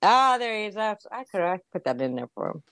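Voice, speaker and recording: A woman's voice: mid-range voice, sing-song, fast talker, fairly bright tone, clear, resonant tone, dry recording, clean studio sound. A woman co-hosting a casual radio show, chatting in a laid-back, wry way.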